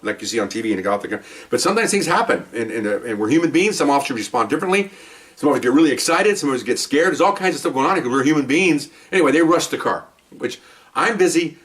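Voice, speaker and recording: Fast-talking cop telling war stories. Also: male voice, medium pitch, fairly bright tone, distant mic. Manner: emphatic, keeps adding "okay?". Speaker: police officer telling stories. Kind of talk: casual storytelling monologue.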